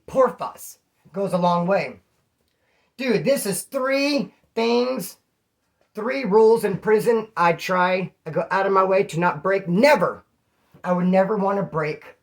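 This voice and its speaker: A man from California with a slightly hoarse voice, casually telling rambling stories to his channel's viewers. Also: sits high. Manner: slangy, rambling, calls listeners homeboy. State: throat issue, slightly hoarse. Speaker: vlogger. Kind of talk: casual storytelling to camera.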